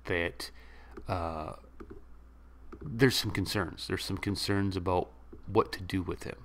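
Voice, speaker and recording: A man with a very deep voice talks through a movie he loves, rambling and excited as he retells the scenes. He keeps slipping into quick acted-out lines from the characters. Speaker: movie reviewer. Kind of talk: casual movie review.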